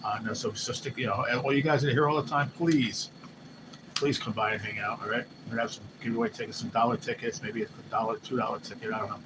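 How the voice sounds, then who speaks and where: A man hosting a live stream, chatting casually and excitably, swearing loosely and often mimicking what others said. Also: fairly low pitch, fast. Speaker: livestream host. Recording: noisy background hum.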